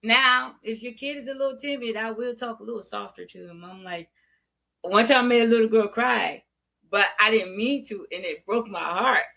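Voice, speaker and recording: An older woman educator talks straight and without sugarcoating, with a bright, forceful tone. She laughs easily as she makes her points in a relaxed interview. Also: on the high side, normal speed, vocal fry. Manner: blunt, frank, laughs easily. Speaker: veteran educator, podcast guest. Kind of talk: candid interview talk.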